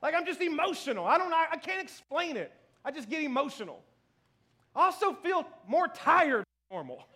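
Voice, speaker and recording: A man's voice: very high-pitched, very animated, normal speed, pushed and bright. A man in his thirties preaching a sermon in church, chatty and self-deprecating, often laughing. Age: 30s. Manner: conversational, self-deprecating, frequent laughter and "you know what I mean". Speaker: pastor.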